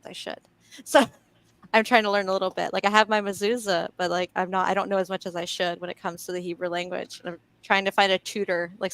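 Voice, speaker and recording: A woman's voice: fairly low pitch, creaky, a bit bright, no room sound. A woman hosting a live online chat, talking frankly and laughing often. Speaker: host.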